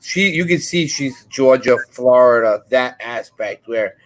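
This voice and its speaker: A man's voice: medium pitch, expressive, a little slow. A man from the northern US chatting casually as co-host on a live stream, rambling into stories. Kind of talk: casual chat.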